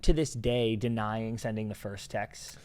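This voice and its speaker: A man's voice: on the low side, fairly even intonation, measured pace, a little mellow, smooth. A young man, a podcast guest, telling a funny story in casual chat, acting out the voices of the people in it and swearing freely.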